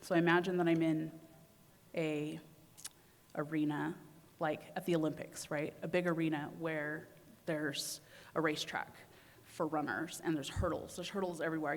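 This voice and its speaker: A woman's voice: deep voice, fairly even intonation, normal speed. A young adult woman giving a conference talk, telling a personal story and acting out her own inner voice with feeling. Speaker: conference speaker. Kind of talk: personal story told to an audience. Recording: long hall reverb.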